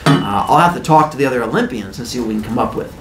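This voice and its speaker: A man's voice: mid-range voice, lively intonation, very fast, music in the background, voice pushed down, natural voice. A man voicing a casual, shrugging male king of the gods in a laid-back, offhand way. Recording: roomy echo.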